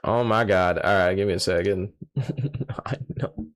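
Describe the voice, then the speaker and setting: A man's voice: sits low, fairly even intonation, moderate pace. A young man streaming a live reaction, talking casually to his chat, swearing and sounding exasperated. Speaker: streamer reacting to a manga chapter.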